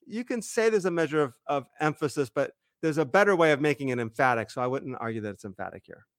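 A man's voice: on the high side, lively intonation, fast, no room sound. Man explaining scripture, dry close sound. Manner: explains Greek text step by step, restarts often. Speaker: co-host, Bible teacher. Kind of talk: casual scholarly discussion.

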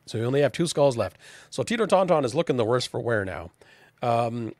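A mid-pitched man narrates a pirate tabletop game as its game master. He is casual and chatty, often restarting his sentences. The sound is dry and close. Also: big pitch swings, fairly quick, darkish tone, no echo.

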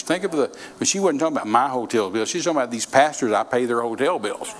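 A man's voice: medium pitch, quick pace, hardly any pauses, slight background noise, poor audio. An older man preaching a sermon in a folksy, repetitive way, often restarting his sentences. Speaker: traveling preacher.

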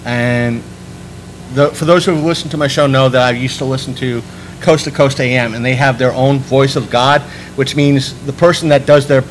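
A man's voice: medium pitch, steady tone, normal speed, a little hiss or hum, rough recording. A man hosting a podcast panel, talking casually and rambling with frequent restarts. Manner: chatty, rambling with many restarts.

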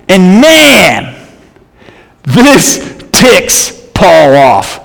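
A man preaching a sermon, reading scripture aloud and explaining it with emphatic, animated delivery. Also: sits high, slow. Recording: long reverb in a large hall.

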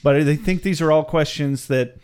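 A man's voice: on the high side, normal speed, a little mellow, clean tone. Laid-back man rambling about a cartoon. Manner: rambling, swears casually, laughs often. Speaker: podcast co-host. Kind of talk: casual chat recapping a cartoon episode.

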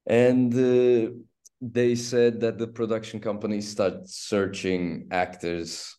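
A man from Turkey with a Turkish accent, an actor telling stories in an interview, halting and restarting as he goes. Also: on the low side. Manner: halting, restarts often, animated storytelling. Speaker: actor guest. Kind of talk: casual interview storytelling.

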